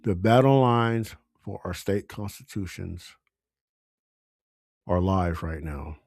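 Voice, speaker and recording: A man's voice: low voice, expressive, takes it slowly, vocal fry, darkish tone, dry recording, clean studio sound. A man giving an impassioned political monologue as a commentator, exhorting listeners with fervent, urgent appeals.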